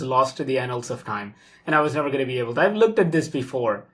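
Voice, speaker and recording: A young man talks through his work live at his desk. His voice sits at a middle pitch, loose and excitable. He thinks aloud, filling gaps with okays and ums. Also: fast talker. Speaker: software developer talking through his workflow. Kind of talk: casual live screen-recorded walkthrough.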